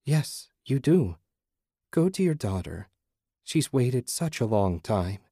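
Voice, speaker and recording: A man's voice: mid-range voice, sing-song, slow, warm tone, husky, dry recording, clean studio sound, full character voice. A man doing a pleasant, knowing disembodied voice. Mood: soothing, knowing. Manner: soothing, teasing, speaks in riddles.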